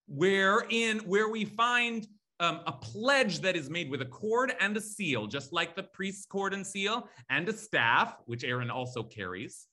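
Speaking a little slowly in an expressive voice that sits high, pushed and bright, a Torah teacher lectures animatedly on scripture. He's emphatic and repetitive with key words, reads Hebrew aloud, and corrects himself as he goes, using fillers as he thinks aloud.

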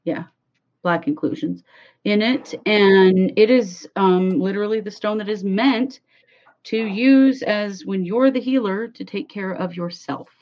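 A woman co-hosting a livestream, relaxed and gently explaining healing stones. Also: medium pitch, measured pace. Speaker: crystal advisor, co-host. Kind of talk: casual livestream chat. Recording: dull lo-fi stream audio.

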